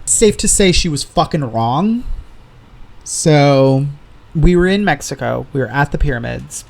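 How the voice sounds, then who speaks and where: A man's voice: on the high side, expressive, a little slow, creaky, a little mellow. A man hosting a podcast alone, telling candid stories in casual chat and swearing freely. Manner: candid storytelling, heavy swearing. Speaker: podcast host.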